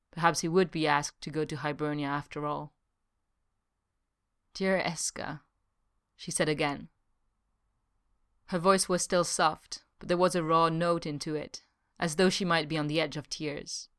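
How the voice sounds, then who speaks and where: A woman reading a novel aloud in a measured, unhurried way. Her voice sits low and sounds smooth and resonant. She tells the story steadily, as an audiobook narrator. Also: fairly even intonation, a bit bright. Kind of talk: scripted narration.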